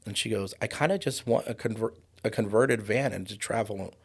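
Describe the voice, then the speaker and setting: Fired-up guy in his 40s, gravelly, preachy, slows way down to hit a point. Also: fairly low pitch. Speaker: podcast guest, trauma coach. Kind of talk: impassioned conversational podcast talk.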